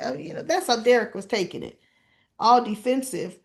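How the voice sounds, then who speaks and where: A woman casually recapping a soap opera episode, acting out the characters' lines in an animated, chatty way. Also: on the high side, normal speed, vocal fry. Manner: animated retelling, acts out lines.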